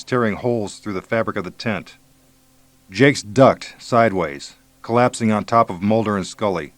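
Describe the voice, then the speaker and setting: Low-voiced male audiobook narrator. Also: normal speed, dry recording.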